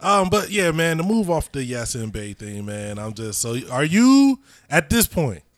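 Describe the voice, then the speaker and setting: A man's voice: a little high, big pitch swings, a little slow, no echo. A man hosting a podcast, telling stories in loose, slangy casual chat and steering the conversation. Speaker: podcast host.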